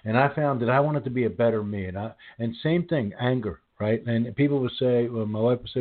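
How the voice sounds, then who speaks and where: A man's voice: medium pitch, a little fast, hardly any pauses. Man in his sixties on a tinny line. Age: 60s. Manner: rambling, repeats words. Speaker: host. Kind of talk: casual faith interview.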